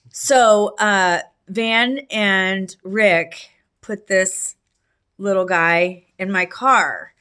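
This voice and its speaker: A middle-aged woman tells a personal story at an unhurried, slow pace. She rambles, with lots of fillers and restarts. Her allergies make her clear her throat now and then, and her pitch sits in the middle. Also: pushed and bright. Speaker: vlogger telling a personal story. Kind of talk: casual storytelling monologue.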